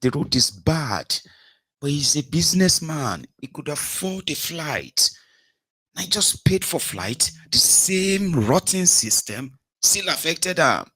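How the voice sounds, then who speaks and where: A man's voice: a little high, sing-song, slow pace, sharp tone, slightly rough, dry recording. A man with a Nigerian accent hosting a show, giving wry conversational commentary. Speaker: host and political commentator. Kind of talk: commentary monologue.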